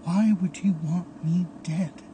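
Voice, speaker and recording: A man's voice: high voice, fairly even intonation, slow, dark tone, a little hiss or hum. A man voicing a vengeful young man turned killer, bitter and menacing, often in a harsh whisper. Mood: cold menace.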